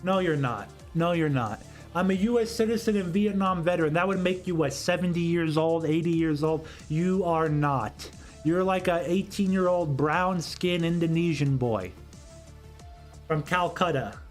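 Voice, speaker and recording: A man's voice: a little high, moderate pace, soft background music. A man hosting a solo political commentary livestream, answering chat in an argumentative, rambling way and often repeating himself.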